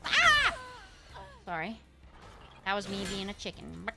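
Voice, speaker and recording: A woman's voice: mid-range voice, animated, measured pace, over loud music. A woman streaming a video game in a playful casual chat, humming and scatting to herself and drifting between languages. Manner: playful, hums and scats to herself, drifts into Spanish and German.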